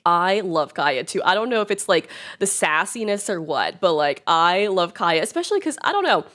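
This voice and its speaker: A woman's voice: fairly low pitch, very animated, normal speed, fairly bright tone. A woman streaming live and chatting casually, bubbly and rambling, full of "like" fillers and laughter, nervous and close to tears. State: nervous and emotional, near tears.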